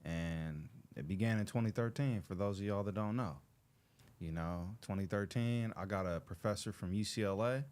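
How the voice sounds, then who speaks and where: A Los Angeles man in his thirties hosts a show, telling a story to an audience in a fairly low, darkish voice at normal speed. His delivery is loose and slangy, and he acts out the people he quotes.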